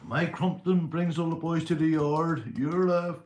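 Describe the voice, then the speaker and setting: A man's voice: a little high, fairly even intonation, a little slow, a little mellow, a little hiss or hum. A man with a Northern Irish accent hosting a rambling livestream chat, tipsy from beer, boisterous, swearing and laughing a lot. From Northern Ireland. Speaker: livestream host. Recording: echoey room.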